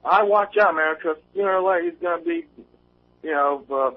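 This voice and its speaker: This caller phones a radio show while outdoors in the wind, his fairly quick, high-sitting voice coming through a thin, tinny phone connection. Nervous and rambling, he fills his talk with fillers and keeps restarting.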